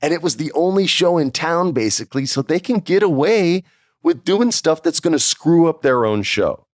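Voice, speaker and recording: Here the same kind of speaker, a forty-something New Mexican man hosting a podcast, has a fairly high-pitched voice and talks at normal speed. He animatedly relates a backstage anecdote, voicing the people he quotes. The sound is dry and studio-clean.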